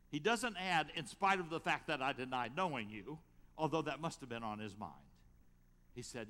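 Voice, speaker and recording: A man preaching a sermon as pastor, retelling a story with lively rises and drops in his voice. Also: mid-range voice, moderate pace, in a large hall. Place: church sanctuary.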